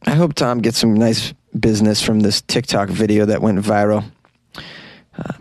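A man's voice: lowish voice, a little slow, no room sound. Jokey man hosting a comedy news podcast. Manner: jokey, animated, laughs at own jokes. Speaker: podcast host.

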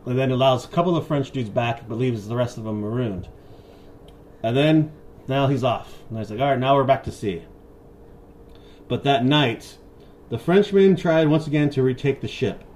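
A man's voice: mid-range voice, animated, normal speed, darkish tone, slight background noise. A man hosting a podcast, loosely retelling a historical story in a casual, profane way. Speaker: podcast host.

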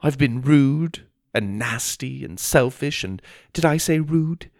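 A man's voice: medium pitch, expressive, takes it slowly, dry recording, studio quality. A man voicing a polite young boy who speaks in a put-on British accent in a storybook reading. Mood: prim, polite. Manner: prim, courteous.

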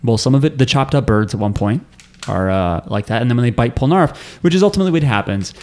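A joking man on a casual podcast, rambling through an anime recap with crude asides. His voice sits at an ordinary middle pitch, and his delivery is loose and conversational. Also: expressive, quick pace, a little mellow. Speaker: podcast co-host.

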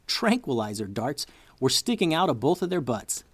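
A man's voice: medium pitch, big pitch swings, moderate pace, husky, no echo. A man hosting a children's story podcast who narrates expressively, like a storyteller for kids.

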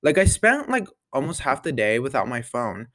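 In a casual solo podcast, a young host speaks at a moderate pace in a medium-pitched, sing-song, fairly bright voice, rambling chattily and packing in "like" and "um." The studio-quality audio has no room sound.

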